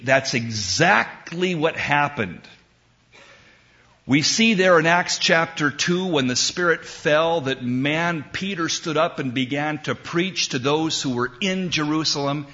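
A middle-aged man preaching a sermon in a church, emphatic and unhurried, with dramatic pauses. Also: on the high side, bright, forceful tone, highs cut off. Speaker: pastor.

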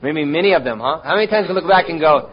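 A man's voice: fairly high pitch, quick pace, breathy edge, highs cut off. A man preaching a sermon, talking straight to his congregation with rhetorical questions and sudden bursts of emphasis. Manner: animated, addresses congregation directly with rhetorical questions. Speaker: pastor.

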